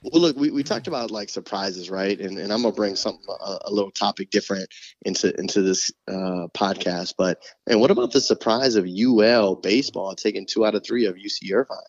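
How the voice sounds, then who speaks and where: A man hosting a podcast, telling stories in a relaxed, casual way. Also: on the low side, brisk, muffled recording. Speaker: podcast host. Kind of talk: casual chat.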